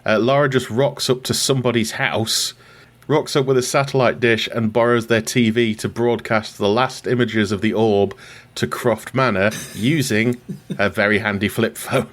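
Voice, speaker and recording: A man's voice: on the low side, steady tone, moderate pace. A man hosting a podcast, chatting casually and wryly as he recaps a film from his notes. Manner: wry, chatty, laughs at his own jokes. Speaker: podcast host.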